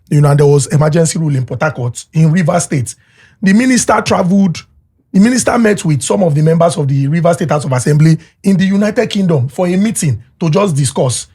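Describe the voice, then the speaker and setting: A young man hosts a podcast conversation. His voice is a bit husky and sits fairly high, and he builds his point calmly, one example after another. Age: young adult. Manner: measured, making a point with examples. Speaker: podcast host. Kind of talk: casual podcast chat.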